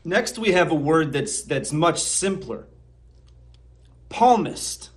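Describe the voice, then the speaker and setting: A man's voice: a little high, expressive, measured pace, a bit bright, slight background noise. A man presenting a comedy sketch as a mock lesson, over-enunciating each word in a mock-instructional tone.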